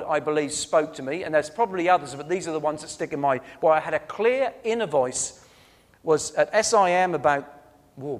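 A man delivers a sermon with a somewhat high voice, telling stories earnestly and leaning hard on key words before dropping soft. His voice rings out with the long reverb of a church hall. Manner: earnest, storytelling, emphatic swings between loud and soft. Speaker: preacher.

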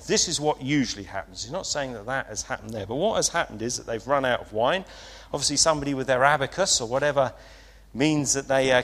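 A man's voice: medium pitch, fairly bright tone. A man preaching an informal sermon, chatty and hesitant, with frequent fillers and restarts. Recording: long hall reverb.

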